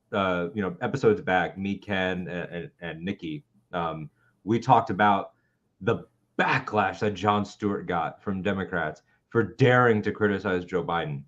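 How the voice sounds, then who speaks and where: A man's voice: on the low side, dull audio. A man in his twenties co-hosting a live political talk show, ranting with heated, profane passion. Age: 20s. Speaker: co-host.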